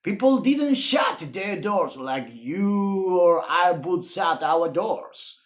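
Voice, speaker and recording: A man reading a children's picture book aloud in a playful, expressive storytime style. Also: sits high, slow. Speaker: storytime reader.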